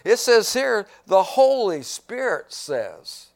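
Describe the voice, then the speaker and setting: Slow, high-voiced preaching man. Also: big pitch swings. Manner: slow, emphatic preaching with repeated phrases; clears throat at times. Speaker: pastor. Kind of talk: sermon.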